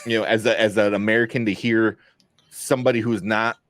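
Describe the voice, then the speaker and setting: A man's voice: lowish voice, level tone, a little fast, fairly bright tone, no echo, studio quality. Rambling young man reviewing a movie. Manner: rambling, lots of fillers and restarts. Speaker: podcast co-host. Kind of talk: casual movie review chat.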